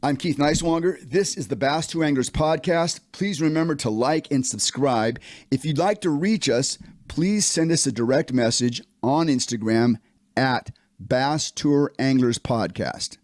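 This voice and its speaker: A man's voice: medium pitch, a little slow. A man hosting a podcast, chatting in a casual, friendly way and laughing easily. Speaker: podcast host. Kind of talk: casual interview chat.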